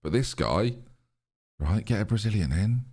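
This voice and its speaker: A man streaming a football management game live, chatting excitedly to his viewers and laughing often. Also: fairly low pitch, normal speed, slightly rough. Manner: excitable, chatty, talks to chat. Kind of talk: live gaming commentary.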